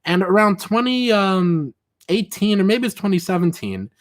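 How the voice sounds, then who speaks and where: A man's voice: high-pitched, lively intonation, moderate pace. A man hosting a casual livestream, rambling and chatty, full of fillers and chuckles. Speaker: livestream host.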